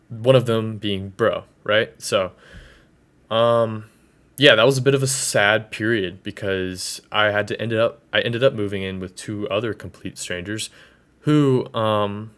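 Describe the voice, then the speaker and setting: A man's voice: fairly low pitch, fairly bright tone. A man in his twenties ranting casually to the camera about college, slangy and full of fillers. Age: 20s. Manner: loose, slangy, lots of fillers. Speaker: vlogger. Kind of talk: casual rant.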